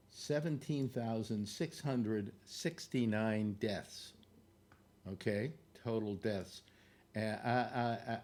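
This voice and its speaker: A man's voice: medium pitch, darkish tone. A man hosting a casual live stream from home, rambling and joking, out of breath and tripping over fillers. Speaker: host of a live online show. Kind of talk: casual livestream talk over a map.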